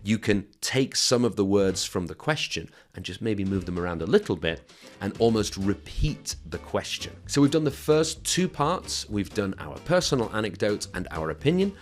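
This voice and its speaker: A man's voice: lowish voice, very animated, moderate pace, faint music behind. A man teaching English exam speaking skills, explaining a sample answer in an encouraging, instructive way and checking in with his listeners.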